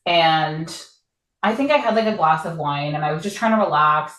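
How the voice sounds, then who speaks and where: A woman's voice: sits low, normal speed, a bit bright. A woman in her thirties, co-hosting a podcast, talking candidly in a rambling, casual way and laughing often. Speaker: podcast co-host. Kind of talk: casual chat. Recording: echoey room.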